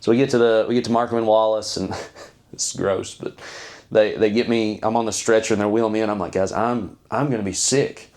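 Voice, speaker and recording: Podcast guest: man, low-pitched, halting, earnest storyteller. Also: level tone, darkish tone. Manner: earnest, halting, many fillers and restarts. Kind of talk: personal storytelling.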